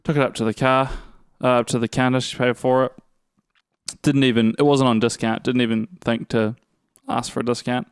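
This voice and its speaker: A young man, co-hosting a podcast and telling an animated story in casual chat, acting out the people he quotes. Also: mid-range voice, brisk, clean tone, no room sound. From New Zealand. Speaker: podcast co-host.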